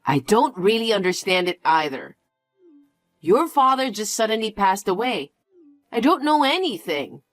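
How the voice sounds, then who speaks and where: A woman's voice: mid-range voice, sing-song, a little slow, dry recording, faint music behind. A woman voicing an anxious middle-aged mother who is evasive and accusing, in a dramatized story reading. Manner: flustered, evasive, guilt-tripping.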